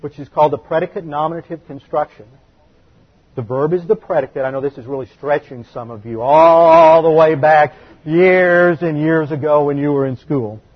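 A man leads a Bible study lecture in a slightly raised, breathy voice. He explains step by step and leans hard on the words he wants remembered. The recording sounds dull and lo-fi. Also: a little high. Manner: explanatory, emphatic, slows to stress key words. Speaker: Bible teacher.

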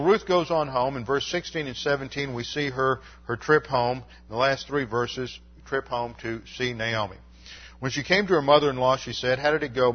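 A male pastor delivers a sermon at a middle pitch, reading scripture and explaining it in a steady, measured teaching manner. The recording sounds dull and lo-fi.

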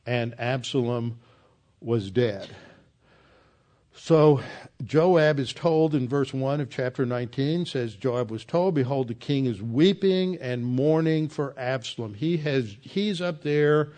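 A man teaching an expository Bible sermon in an emphatic, earnest manner, with an average pitch for a man. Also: darkish tone. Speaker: preacher.

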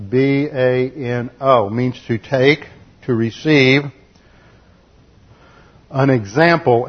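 A man teaching an expository Bible study in a deliberate, lecturing way, spelling out Greek words letter by letter. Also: mid-range voice. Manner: lecturing, corrects translations. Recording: slightly muffled lo-fi recording.

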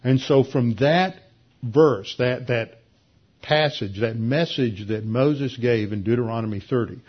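A man giving a Bible class lecture, explaining at a measured pace with frequent filler pauses. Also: mid-range voice, husky, lo-fi sound. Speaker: Bible teacher.

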